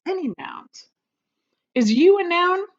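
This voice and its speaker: A woman's voice: very high voice, animated, slow pace, muffled recording. A woman teacher giving a recorded grammar lesson, speaking patiently and encouragingly to young students.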